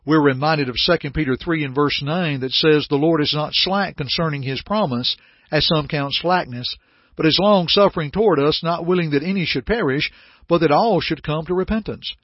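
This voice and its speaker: Male radio preacher, earnest and emphatic, slightly high husky voice, dry lo-fi broadcast. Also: normal speed, no echo. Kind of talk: radio sermon. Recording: dull, lo-fi radio broadcast sound.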